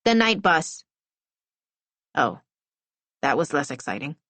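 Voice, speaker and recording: A woman's voice: low-pitched, sing-song, slow pace, a bit bright, breathy edge, no echo, pitched below the performer's own voice, full character voice. A woman voicing a haughty young girl apprentice who sounds bored and talks like an adult, in an audiobook. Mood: bored, superior. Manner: bored, superior, grown-up airs.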